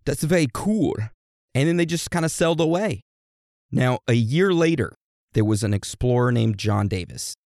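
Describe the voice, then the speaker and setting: A man's voice: mid-range voice, a little mellow, no echo, studio quality. A man hosting a podcast, telling history in a casual, joking, profane way. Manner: addresses co-host like a teacher. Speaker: podcast host.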